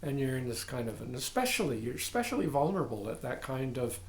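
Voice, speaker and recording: An older man, a dharma teacher, giving a contemplative talk in halting, searching phrases with frequent asides. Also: mid-range voice, big pitch swings, roomy sound.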